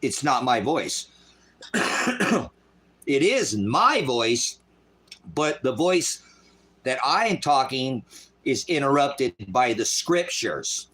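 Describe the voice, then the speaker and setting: A middle-aged man preaching in an angry, profane livestream style, voice swinging loud. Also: medium pitch, big pitch swings, slow, pauses often, breathy edge. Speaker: street preacher.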